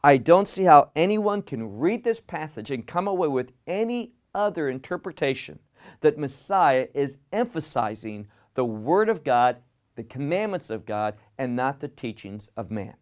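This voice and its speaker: A man gives a Bible teaching in an earnest sermon style. His voice sits a bit high for a man. He stresses key words by repeating them and keeps asking rhetorical questions. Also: very animated, normal speed.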